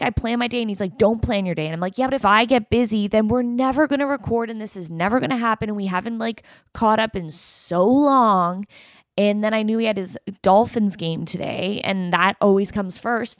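A woman records a frustrated solo podcast episode following a call, venting with plenty of swearing and rapid quoted asides. Her voice is mid-range and the recording has no echo.

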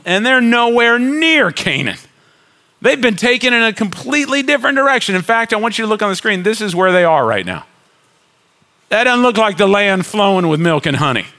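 A middle-aged man, a pastor preaching a sermon, animated, acting out complaining crowds in a raised voice. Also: high-pitched.

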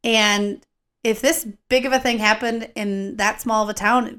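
A woman's voice: a little high, fairly even intonation, a little slow, a bit bright. A woman co-hosting a casual true-crime podcast, rambling and chatty, her words a little slurred from coughing. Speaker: podcast co-host.

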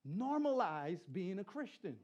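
A middle-aged man preaching a sermon as pastor, animated, repeating phrases and joking with the congregation. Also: sits high, measured pace, muffled recording. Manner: animated preaching with repetition and crowd banter. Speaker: pastor and Christian rapper.

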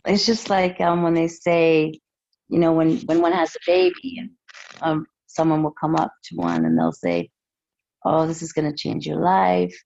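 A woman speaking as a podcast guest, slow and reflective, with hesitant pauses. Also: low voice, expressive, gravelly, darkish tone, dry recording. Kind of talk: casual interview chat. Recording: dull muffled lo-fi sound.

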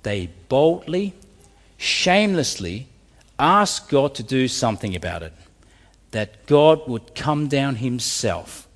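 Expressive male preacher in a big reverberant hall. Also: medium pitch, unhurried. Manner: expressive preaching, voice rises and drops sharply. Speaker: pastor. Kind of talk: sermon. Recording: long reverb of a large hall.

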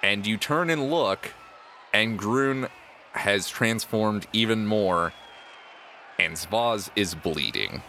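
A man's voice: lowish voice, expressive, takes it slowly, vocal fry, pushed and bright, a faint crowd, slight background noise. A man narrating as game master of a tabletop game, playful and often chuckling.

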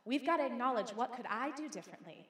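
A woman's voice: a little high, animated, fast. A middle-aged woman pastor preaching a sermon in a conversational, emphatic way, speaking straight to the congregation. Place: church auditorium. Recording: echoey hall with long reverb.

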